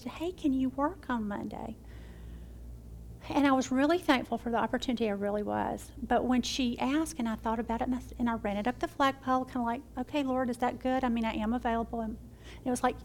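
A woman's voice: on the high side, slight background noise. A middle-aged woman, telling a faith story and leading a prayer in a devotional teaching. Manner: warm storytelling, shifts between excited and hushed. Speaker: Bible study teacher.

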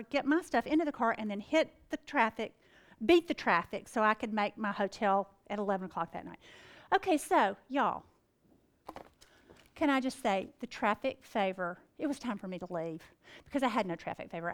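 A middle-aged woman, telling a faith story in a chatty, exclamatory way and acting out the dialogue. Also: on the high side. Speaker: Christian speaker. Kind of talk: animated storytelling.

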